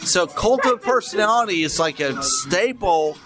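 A man with a Southern American accent hosting a podcast, chatting loudly and swearing freely at a hotel bar among friends. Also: sits high, lively intonation, moderate pace. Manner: boisterous and profane. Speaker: podcast host. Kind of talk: casual chat. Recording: music in background.

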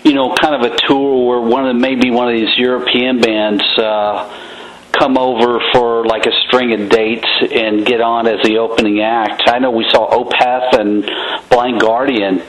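A man's voice: medium pitch, little pitch movement, a little slow, fairly bright tone, roomy sound, rough recording. A man hosting a radio interview, chatting casually with plenty of fillers. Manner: easygoing, rambling with fillers. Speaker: radio show host.

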